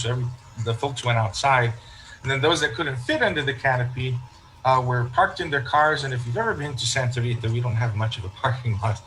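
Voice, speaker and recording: Man telling a parish story, medium pitch. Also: a bit bright, a little hiss or hum, low-quality recording. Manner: storytelling, acts out quoted remarks, frequent restarts. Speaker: parish priest. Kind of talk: casual interview chat.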